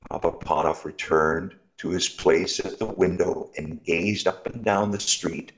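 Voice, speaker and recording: A man reading a Christmas story aloud in a slow, expressive storytelling manner. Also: low voice, low-quality recording.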